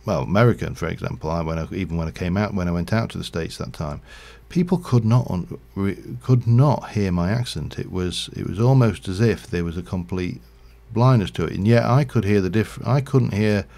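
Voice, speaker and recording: Male streamer, slight Yorkshire accent, deep voice with a gravelly edge, loose casual commentary. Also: brisk, few pauses, a little mellow. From Yorkshire, England. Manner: rambling, chatty, self-correcting. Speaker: game streamer. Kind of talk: casual livestream gameplay commentary.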